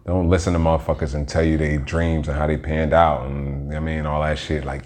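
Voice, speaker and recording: A man's voice: rumbling low, little pitch movement, brisk, a little mellow. A man hosting his own podcast, telling stories in a rambling, slangy, heavily profane monologue. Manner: rambling, slangy, heavy swearing. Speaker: podcast host.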